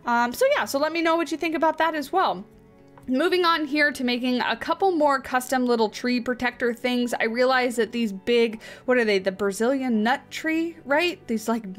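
A woman with a fairly high voice talks through her zoo-building gameplay in a loose, chatty way. She reacts out loud to each surprise in the game. Soft music plays faintly underneath. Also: normal speed. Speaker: let's play host. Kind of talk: casual gameplay commentary.

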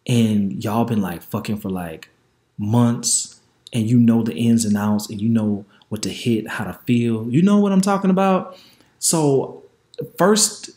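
Podcast host, male, mid pitch, frank storytime delivery, talks to the audience directly, roomy echo. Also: a little mellow. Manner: frank, chatty, addresses listeners directly. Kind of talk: candid storytime monologue.

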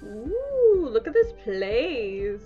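A woman's voice: on the high side, huge pitch swings, drawn-out words, narrow, tinny audio, faint music behind. A woman giving bubbly, giggly, chatty commentary while playing a video game. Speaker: gaming YouTuber. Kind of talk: casual let's-play commentary.

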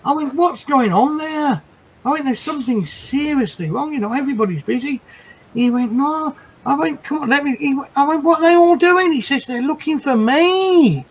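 A man hosting a casual livestream tells jokes and stories at a fairly quick clip, giggling between lines. His voice is extremely high, and the poor audio carries slight background noise.

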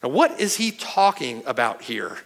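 A man's voice: medium pitch, wildly swooping pitch, moderate pace, creaky, fairly bright tone. A man preaching a sermon as pastor. He speaks emphatically and keeps checking with his hearers. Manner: emphatic, asks the hearers "right?" and "okay?" often. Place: church sanctuary.

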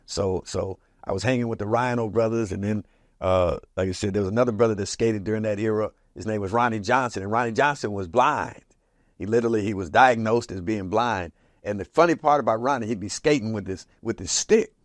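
Raised in Portland, Oregon, this man in his seventies reminisces casually about his community, speaking a little fast. When quoting people he performs their voices, jumping sharply in pitch and volume. It's a clean studio recording with no echo.

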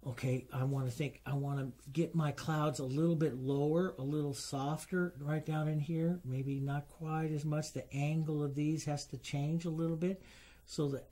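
A middle-aged man giving a gentle, enthusiastic painting demonstration, often calling the work beautiful while showing each stroke. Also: on the high side. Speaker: painting instructor.

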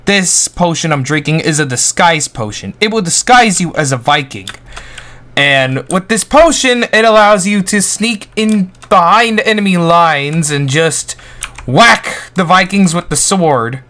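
A man's voice: fairly high pitch, a little slow. A young man casually walking viewers through a video game, rambling and goofy. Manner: goofy, rambling, excitable outbursts. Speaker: gaming YouTuber. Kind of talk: Roblox gameplay tutorial commentary.

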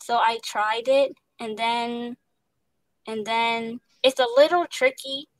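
Young woman who stutters a lot, really slow, lots of ums, dry sound. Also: a little high, fairly even intonation, no room sound, poor audio. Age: young adult. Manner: heavy stutter with many fillers and repeats. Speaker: guest, actor. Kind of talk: casual interview.

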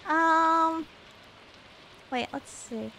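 A young woman streaming a video game live, rambling and joking at herself, swinging from mumbled asides to loud excited bursts. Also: extremely high pitch, extremely slow, crowd noise. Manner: rambling, self-mocking, jumps between mumbling and loud excitement. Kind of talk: live gameplay stream chatter.

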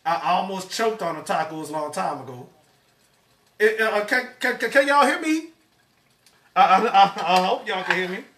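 A man's voice: high voice, expressive, moderate pace, pushed and bright, slight background noise. A man hosting a home cooking live stream, stammering and repeating words as he chats with viewers. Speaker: cooking show host. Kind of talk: casual live-stream chat. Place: home kitchen. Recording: echoey kitchen, distant mic.

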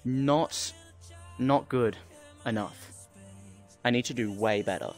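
A man streaming a speedrun, reacting out loud and criticizing his own play, swearing when things go wrong. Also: medium pitch, slow, faint music behind. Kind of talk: live speedrun commentary.

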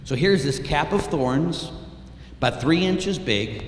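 A man, a priest, preaching a dramatic sermon, telling the story with intensity and swinging from hushed tones to shouts. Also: a little high, lively intonation, slow. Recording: echoey hall, light room noise.

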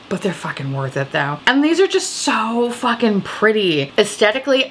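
A woman hosting a casual beauty chat, talking about makeup releases with heavy swearing, laughter and tipsy, excitable gushing. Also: mid-range voice, slight background noise. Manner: animated, swearing, laughing, drinking. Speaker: beauty video host.

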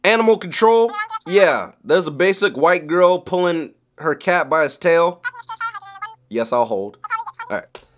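A man hosting a video, reacting to clips with animated, joking, exclamatory commentary. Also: sits high, measured pace, slight background noise. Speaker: YouTube host.

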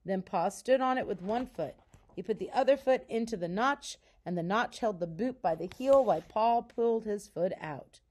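Calm woman reading a storybook aloud. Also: medium pitch, moderate pace. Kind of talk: reading a children's novel aloud.

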